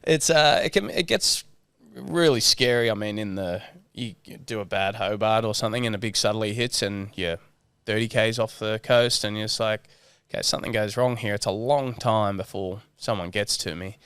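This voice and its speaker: Man, Australian accent, 30s, lowish voice, smooth and clear, dry close mic, relaxed podcast storyteller, swears a lot. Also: normal speed, no echo. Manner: relaxed storyteller, swears freely, acts out quotes. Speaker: guest sailor. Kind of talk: casual podcast chat.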